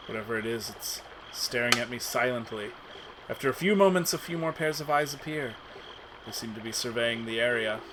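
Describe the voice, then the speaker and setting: A man's voice: medium pitch, brisk, noisy background. A man streaming himself reading a text adventure aloud as dramatic narration, with asides. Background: game music.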